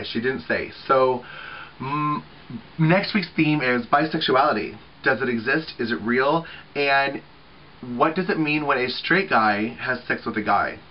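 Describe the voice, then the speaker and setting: A man's voice: medium pitch, lo-fi sound, slight background noise. A man in his thirties chatting casually to camera for a group channel, talking freely with lots of swearing and filler words. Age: 30s. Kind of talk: casual weekly video chat.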